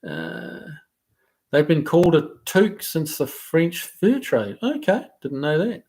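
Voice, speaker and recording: A New Zealand man hosts a casual live stream, reading viewer comments aloud and answering them loosely. His slightly mellow voice sits on the high side, with huge pitch swings and a measured pace. He uses many fillers and restarts.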